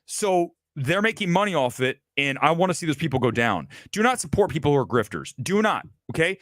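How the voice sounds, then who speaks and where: A man's voice: fairly high pitch, brisk, no room sound, studio quality. A man hosting a live-streamed movie talk show, ranting with mocking asides and sounding tired late at night. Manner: animated, opinionated rant with mocking asides. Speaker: film talk show host.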